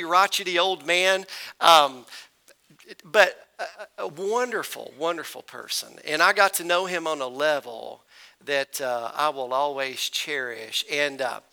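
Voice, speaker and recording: Bright, high-voiced preacher. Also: male voice. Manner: folksy, addresses congregation as folks and y'all. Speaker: pastor. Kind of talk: storytelling sermon. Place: church.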